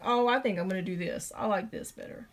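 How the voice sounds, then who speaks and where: A woman's voice: medium pitch, fast talker. A middle-aged woman with a Southern drawl, chatting through a craft tutorial and thinking aloud as she draws. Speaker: craft video host.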